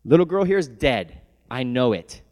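A man's voice: medium pitch, sing-song, moderate pace. Preaching man in a reverberant hall. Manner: swings from soft and tender to loud shouting, laughs often. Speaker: pastor. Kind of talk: sermon.

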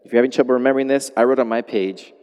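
A man preaching a sermon as a pastor, animated, moving between quiet lines and loud exclamations. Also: mid-range voice, very fast, clean tone. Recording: long hall reverb.

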